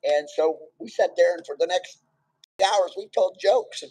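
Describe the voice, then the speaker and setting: A man's voice: high voice, measured pace, mellow, husky, poor audio. A man, a Navy veteran guest, telling stories and jokes in a casual chat by a campfire and laughing often. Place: outdoors by a campfire.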